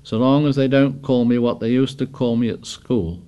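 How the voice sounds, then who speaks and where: A man's voice: medium pitch, normal speed, mellow, clear, resonant tone, muffled recording, natural voice. A man reading as a fussy, earnest plump schoolboy. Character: anxious, fussy plump schoolboy, about twelve.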